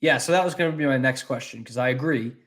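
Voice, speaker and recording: An easygoing man co-hosts a casual sports podcast, agreeing readily and putting questions to his partner. His voice sits at an average pitch for a man. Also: fast, fairly bright tone. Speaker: podcast co-host.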